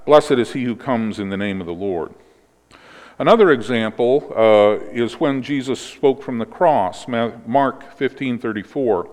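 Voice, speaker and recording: A man preaching, calmly explaining scripture and closing in prayer. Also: medium pitch, a little slow, long reverb tail. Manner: explanatory teaching, ends in prayer. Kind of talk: sermon.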